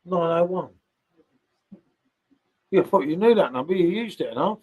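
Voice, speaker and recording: A man's voice: sits high, expressive, normal speed, darkish tone, breathy edge. A man hosting a casual live stream from his home, chatty, and he keeps tagging questions onto what he says. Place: home sitting room.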